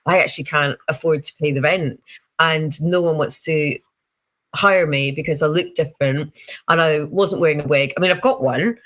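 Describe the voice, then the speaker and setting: A woman in her fifties chatting as an interview guest, telling lively stories with frequent laughs and acted-out quotes. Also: low-pitched, moderate pace. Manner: chatty storytelling, laughs often, acts out quoted voices. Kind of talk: casual interview chat.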